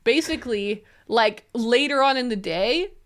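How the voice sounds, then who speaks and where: A woman co-hosting a book podcast, chatting casually. Her voice sits a little high, and she livens up to play out small quoted exchanges with friends. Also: lively intonation, a little slow. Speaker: podcast co-host. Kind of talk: casual chat.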